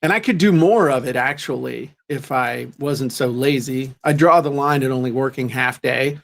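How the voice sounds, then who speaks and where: A man's voice: medium pitch, moderate pace, vocal fry, a bit bright. A man co-hosting a podcast, talking in a chatty, joking, self-deprecating way. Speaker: podcast co-host. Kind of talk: casual chat.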